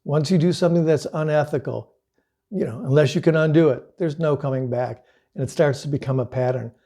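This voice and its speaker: A man's voice: on the high side, fairly quick, warm tone. A middle-aged man and sales coach telling a personal story as a lesson, in an earnest, conversational way with casual fillers.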